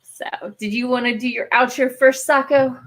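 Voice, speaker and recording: A woman's voice: high voice, moderate pace. A woman hosting a casual writers' livestream, chatty and joking. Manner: chatty, joking, animated quoting. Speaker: livestream host. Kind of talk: casual chat.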